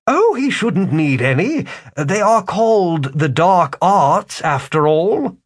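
A man's voice: sits high, sing-song, slow pace, slightly rough, voice pushed up, exaggerated voice. A man voicing a courtly, theatrical con-man wizard in an audiobook, silkily persuasive. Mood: silky. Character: smooth-talking male con-man wizard.

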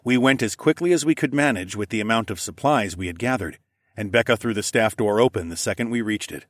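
A man narrating a first-person audiobook story in a steady, even storytelling manner. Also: lowish voice, fairly quick, no room sound, clean studio sound.

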